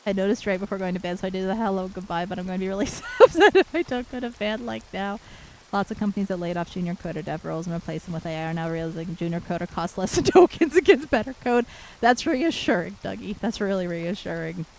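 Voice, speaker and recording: A woman from Canada streaming live and chatting warmly with her viewers, affectionate and giggly, a little worn from losing her voice. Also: mid-range voice, lively intonation, quick pace, a little hiss or hum, rough recording. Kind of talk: casual live-stream chat reading viewer messages.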